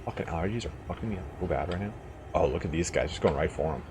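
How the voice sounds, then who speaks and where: A man's voice: low voice, expressive, rapid-fire, background noise. A man hosting a gaming video, giving loose, rambling let's-play commentary, swearing freely and chuckling often. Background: faint game music.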